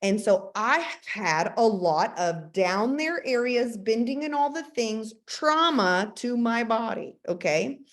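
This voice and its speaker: A woman in her thirties giving a motivational talk about business habits, emphatic and repetitive with playful asides. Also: medium pitch. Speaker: network marketing team leader.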